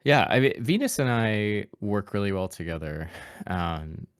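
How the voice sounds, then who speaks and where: A man with a very low voice, talking casually as a podcast guest about his voice acting work. He chats in a relaxed way and laughs often. The sound is dry and close, with no room echo. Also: measured pace, clear, resonant tone.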